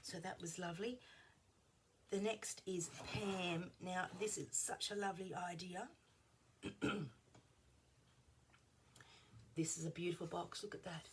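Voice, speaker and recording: A middle-aged woman chatting casually at her craft table at home, rambling and drifting into soft asides, a little unwell. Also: lowish voice, fairly even intonation, a little slow, pauses often, a little hiss or hum. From Australia. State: slightly unwell. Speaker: craft vlogger. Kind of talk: casual show-and-tell chat.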